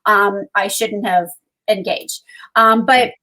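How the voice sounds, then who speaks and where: A woman's voice: medium pitch, fairly even intonation, slow, sharp tone. A woman co-host telling a personal story in conversation, earnest, with frequent ums. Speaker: co-host and guest.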